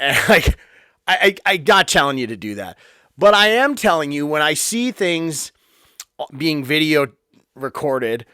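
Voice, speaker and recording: A man's voice: a little high, a bit bright, dry recording, clean studio sound. A man hosting his own podcast, talking bluntly and heatedly in a casual monologue from a home office, swearing as he goes. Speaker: podcast host.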